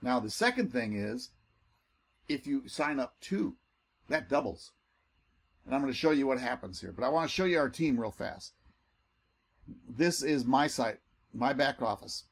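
A man giving an excitable, salesy screen-share walkthrough as a network marketing recruiter. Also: slightly rough. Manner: excitable and salesy, pitch jumps when enthused.

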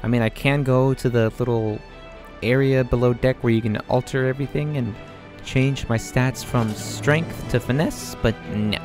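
A man's voice: mid-range voice, steady tone, normal speed, music in the background. A young man casually commenting on a video game he plays, reading dialogue choices aloud and laughing often. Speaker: let's play host.

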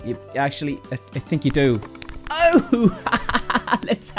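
A man's voice: mid-range voice, steady tone, a little fast, faint music behind. A man doing exasperated, self-mocking gameplay commentary, yelping often. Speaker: gaming YouTuber. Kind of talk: game commentary.

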